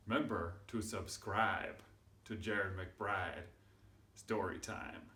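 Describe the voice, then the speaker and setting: A man telling a silly story to children, animated and exaggerated, building up to loud shouts. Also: low-pitched, slow pace. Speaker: storyteller and channel host. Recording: roomy sound from a distant mic.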